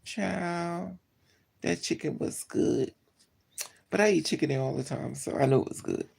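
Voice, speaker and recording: A vlogger telling a story in a casual chat, animated and gossipy, acting out both sides of the conversation. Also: mid-range voice, measured pace, creaky, breathy edge.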